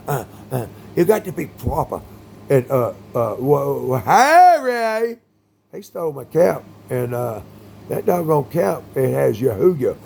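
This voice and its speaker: A man talking in a rambling monologue, full of fillers, with sudden loud bursts. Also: a little high, vocal fry, slight background noise.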